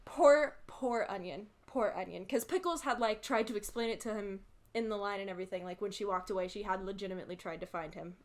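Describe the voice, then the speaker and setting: A woman's voice: medium pitch, fast. A woman hosting, casually telling a long anecdote with fillers and frequent laughs while playing a game. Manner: animated, laughs often, fillers. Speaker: host. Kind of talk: casual storytelling while gaming.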